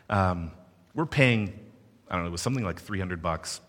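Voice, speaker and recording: Man, low voice, personal storytelling, audience asides, long hall reverb. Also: normal speed. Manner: animated, playful asides to the audience.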